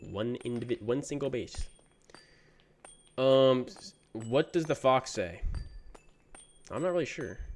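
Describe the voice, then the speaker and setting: A young male gaming streamer with a lowish voice chats casually on his livestream, with a faint hiss or hum in the audio. He reads chat messages out loud and answers them in a relaxed, slangy style, saying "bro" a lot.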